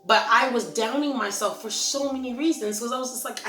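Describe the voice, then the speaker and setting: Speaking fairly quickly in a slightly high, fairly bright voice, a woman gives a casual encouraging talk to camera for her Christian ministry channel. She comes across as earnest, rambling, and self-reflective. Faint music and a roomy echo fill the recording.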